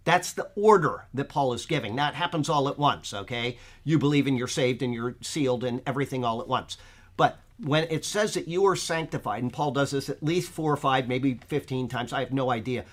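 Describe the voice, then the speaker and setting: A man's voice: medium pitch, brisk. A man teaching an informal Bible study who thinks aloud with fillers and often checks in with his listeners.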